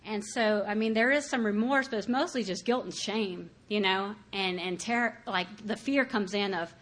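A woman shares her own recovery story in a loose, conversational way. She pauses often on fillers and slips into quoting her past self. Her pitch sits in the usual middle range for a woman. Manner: candid, conversational, many fillers, acts out her past thoughts. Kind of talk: personal testimony.

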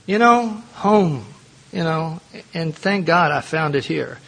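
A man's voice: on the high side, animated, slow, gravelly, fairly bright tone. A middle-aged man speaking at a recovery meeting, telling his own story in an earnest, self-mocking way and laughing often. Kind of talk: personal storytelling talk.

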